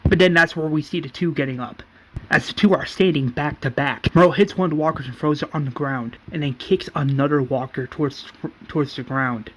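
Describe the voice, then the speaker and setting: Youtuber guy with a kinda high voice, chill recap, keeps going and then and then. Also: a little fast, a little hiss or hum. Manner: run-on narration chaining events with "and then". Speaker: YouTuber recapping a fan series. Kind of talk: casual episode recap.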